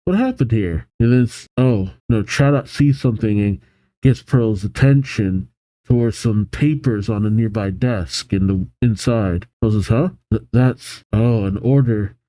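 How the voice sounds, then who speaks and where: A man hosting a manga reaction, reading the panels aloud and commenting with animated excitement. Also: on the low side, unhurried, no room sound, low-quality recording. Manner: animated, reads character lines with excitement, laughs often.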